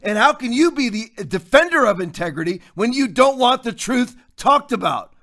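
A man's voice: extremely high pitch, big pitch swings, normal speed, sharp tone. A man hosting political commentary, ranting with fiery rhetorical questions. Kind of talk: impassioned commentary rant.

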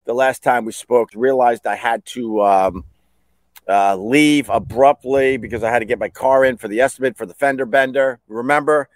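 A man's voice: mid-range voice, moderate pace, no echo. A middle-aged man hosting a podcast, telling a rambling, self-mocking story in casual talk and acting out the dialogue. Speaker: podcast host.

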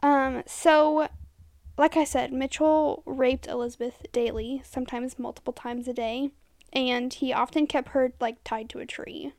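A young woman hosting a podcast, telling a true crime story casually, full of "like" fillers and often falling to a soft half-whisper. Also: high voice, fairly even intonation, a little slow, no echo. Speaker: podcast host.

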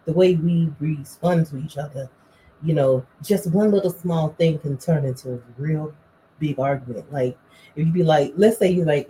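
A woman talking casually with her husband about marriage, relaxed and filling her speech with "you know". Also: low-pitched, moderate pace, slight background noise, rough recording. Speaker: co-host, wife.

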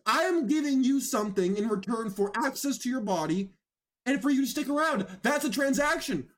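A man's voice: extremely high pitch, lively intonation, fairly quick, a bit bright. A man giving mocking, incredulous reaction commentary on videos, often emphatic and raising his voice.

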